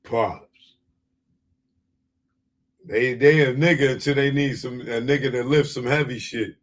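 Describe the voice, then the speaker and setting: A man's voice: mid-range voice, steady tone, unhurried. A man hosting a live comedy commentary stream, loose and profane, breaking into mocking impressions. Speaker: comedian host. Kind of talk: live stand-up style commentary.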